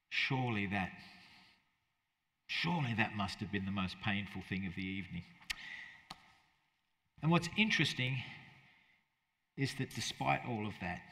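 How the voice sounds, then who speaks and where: Male pastor preaching, bright voice, long hall echo, chatty w/ rhetorical questions. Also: medium pitch. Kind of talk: sermon.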